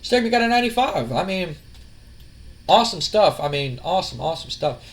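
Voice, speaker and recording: A man's voice: sits high, sing-song, brisk. A man giving casual, rambling let's-play commentary as a gaming channel host. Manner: rambling, full of fillers and restarts.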